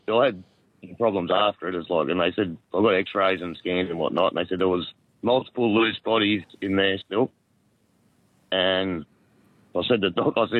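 A croaky Australian man in his fifties, calling in to a radio show, rambling and halting as he tells a story with many restarts. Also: sits low, dry recording. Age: 50s. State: croaky from a cold. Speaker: caller. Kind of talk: radio call-in chat. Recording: tinny phone line.

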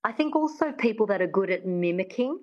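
A woman, a dialect coach explaining in an interview and demonstrating sounds slowly and precisely. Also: medium pitch, expressive, muffled recording. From Australia. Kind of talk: conversational interview, teaching.

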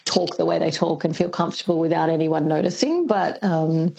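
A woman, a linguist, answering questions on a radio interview in a thoughtful, hesitant way with frequent pauses. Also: sits low, gravelly, warm tone, breathy edge, muffled recording. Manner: thoughtful, hesitant with many ums. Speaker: linguist guest.

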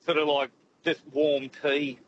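A man's voice: on the high side, little pitch movement, measured pace, fairly bright tone. A man calling in to a radio show, chatty and rambling. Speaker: radio caller. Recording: muffled phone line with faint noise.

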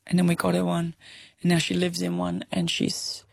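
A woman's voice: fairly low pitch, monotone, moderate pace, vocal fry, slightly rough, dry recording, studio quality. A woman in her thirties with an Australian accent, an interview guest talking frankly and emotionally, laughing often and swearing casually. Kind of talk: candid conversational interview.

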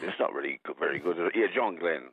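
A man's voice: extremely low pitch, animated, quick pace, slightly rough, dry recording. An Australian man calling in to a radio show, rambling and joking, tripping over his words. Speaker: caller. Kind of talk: rambling talkback phone call. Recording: tinny phone line.

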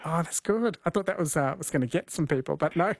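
A chatty male radio host in casual conversation with a caller. His voice sits a little high and is recorded dry and close in the studio. He laughs easily and slows down to read quiz questions. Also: expressive, no room sound.

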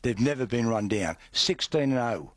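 A man on a sports radio panel, earnest and a little halting, full of stats. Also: mid-range voice, lively intonation, no echo. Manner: earnest, halting, stat-minded.

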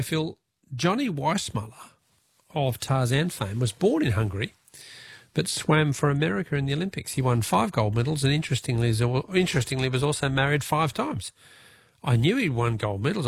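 A man with an Australian accent hosting a talkback radio quiz, chatty and jovial with quick laughs. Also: fairly high pitch, gravelly, husky, no room sound.

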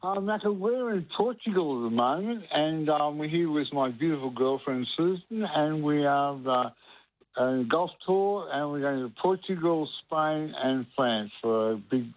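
A man rings in from overseas and chats cheerfully. His voice sits a little high. The call comes through a thin, tinny phone line. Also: normal speed. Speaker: caller. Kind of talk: casual phone-in chat.

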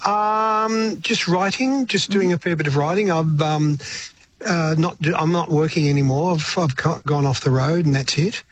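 An older Australian man, a musician guest, chatting in a relaxed, reflective way in a radio interview and often restarting his words. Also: a little high, moderate pace.

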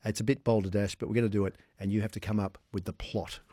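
A man's voice: on the low side, little pitch movement, fast talker, dry recording, studio quality. A man hosting a radio show, chatting loosely and laughing along. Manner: warm-hearted rambling, laughs along. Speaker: radio host. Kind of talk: casual radio chat. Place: radio studio.

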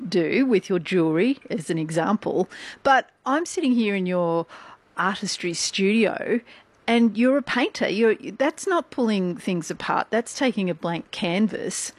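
A woman, presenting a local radio show and interviewing a guest in a brisk, friendly way. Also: medium pitch, no room sound. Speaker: radio host.

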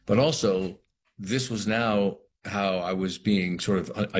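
Middle-aged man, very low register, reflective and halting; faint background ambience. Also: a little hiss or hum. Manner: thoughtful, halting, many restarts. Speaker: actor, interview guest. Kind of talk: reflective interview talk.

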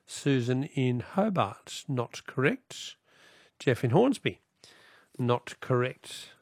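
An Australian man hosting a radio quiz, briskly reading out questions and counting off the ones left. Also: mid-range voice, big pitch swings, husky, no room sound, studio quality. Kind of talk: radio quiz and caller chat.

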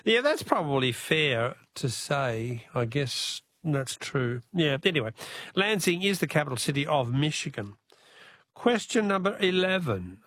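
A man with an Australian accent hosting a talkback radio quiz, friendly and unhurried, reading questions slowly to callers. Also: mid-range voice, fairly bright tone, dry recording.

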